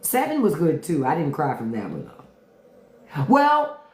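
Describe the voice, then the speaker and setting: A woman hosting a casual livestream, talking in an animated, profane way and repeating lines for emphasis. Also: low-pitched, slow pace, slight background noise. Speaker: livestream host. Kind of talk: casual livestream chat about movies. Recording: echoey room.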